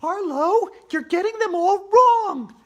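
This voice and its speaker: A fussy schoolgirl in a children's storybook, as a man reading aloud puts her on. Her voice is high and bright and swings up and down. She talks in an urgent, insistent way. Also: expressive, slow pace, exaggerated voice. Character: bossy know-it-all schoolgirl, whispering urgently.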